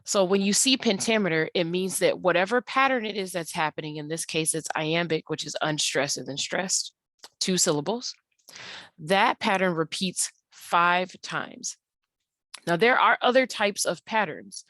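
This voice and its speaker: A woman's voice: lowish voice, lively intonation, normal speed, hardly any pauses, a bit bright, dry recording. A woman teacher patiently explaining slides in an online tutorial, with frequent ums and uhs. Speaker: English teacher.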